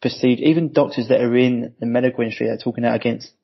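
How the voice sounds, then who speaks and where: A man's voice: medium pitch, steady tone, racing, creaky, breathy edge. A man hosting a podcast, talking in a chatty, jokey way during a casual conversation, and he swears now and then. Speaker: podcast host. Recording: dull lo-fi audio.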